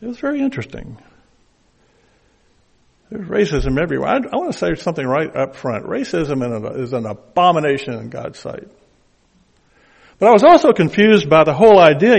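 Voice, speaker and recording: A man's voice: a little high, big pitch swings, moderate pace, creaky. An older man with a Southern accent preaching a conversational sermon with folksy asides.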